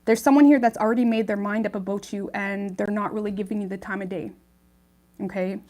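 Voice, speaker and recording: A woman's voice: medium pitch, fairly even intonation, fairly quick, warm tone. Woman tarot reader, casual and chatty, talks straight to viewers with a mid-range voice. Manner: chatty, reassuring, many ums and okays. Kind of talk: casual tarot reading to camera.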